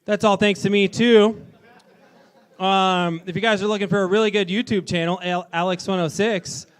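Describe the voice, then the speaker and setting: A man's voice: high-pitched, fairly even intonation, moderate pace, clear, resonant tone. A man hosting a live music night at a bar, interviewing a performer in a loose, upbeat way and swearing freely. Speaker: event host. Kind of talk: casual onstage interview.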